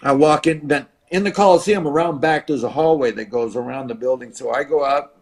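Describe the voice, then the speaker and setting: An older man, a retired wrestler, telling a story as a podcast guest and acting out the voices of others with big shifts in loudness. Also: mid-range voice, a little fast. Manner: acts out voices of others in his stories, dramatic shifts in loudness. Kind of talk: animated storytelling.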